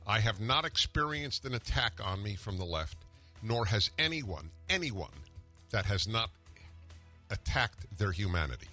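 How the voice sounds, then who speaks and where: A man's voice: fairly low pitch, very animated, measured pace, sharp tone, soft background music. Combative male talk radio host. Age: older. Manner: combative, interrupting, emphatic. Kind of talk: talk radio argument and commentary.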